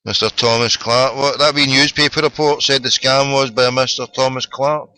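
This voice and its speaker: A man's voice: medium pitch, steady tone, moderate pace, few pauses, bright, forceful tone, clear, resonant tone, dry recording, rough recording. A middle-aged man with a Glaswegian accent hosting a phone-in podcast, ranting sarcastically and swearing freely in casual solo commentary. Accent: Scottish, Glaswegian.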